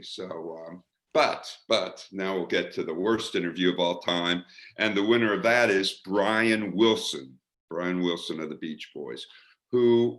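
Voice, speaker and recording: Deep-voiced male radio interviewer telling stories. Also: low-quality recording. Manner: animated anecdotes, mimics people he quotes. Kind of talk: casual panel storytelling.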